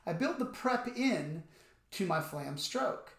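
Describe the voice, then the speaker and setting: A man's voice: sits high, very animated, slow. A man teaching a drum lesson, explaining the technique and calling out strokes and counts aloud as he plays. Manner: calls out strokes and counts aloud while playing. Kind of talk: instructional demonstration. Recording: roomy echo with loud stick clicks on a practice pad.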